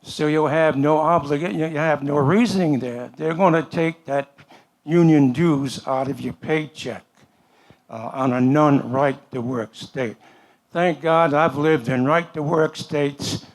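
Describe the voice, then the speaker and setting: A man's voice: fairly high pitch, steady tone, measured pace. An older man, a retired worker, making a plain-spoken, folksy comment from the audience at a forum. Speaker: audience member.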